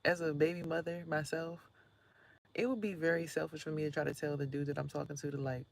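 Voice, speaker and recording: A woman vlogging in a chatty, slangy way, laughing often and swinging between loud remarks and hushed asides. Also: sits low, steady tone, fast talker, gravelly. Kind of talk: casual spiritual vlog monologue.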